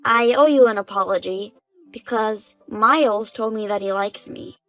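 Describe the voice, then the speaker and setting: A woman's voice: medium pitch, normal speed, fairly bright tone, lightly acted, poor audio. A woman voicing a shameless young bride-to-be who stays smug and unbothered.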